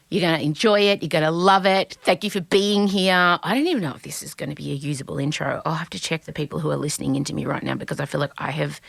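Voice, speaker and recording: A woman hosts a podcast, riffing playfully and laughing easily. Her voice sits fairly low. It is recorded close and dry. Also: gravelly, no room sound. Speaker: podcast host. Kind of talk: casual comedic chat.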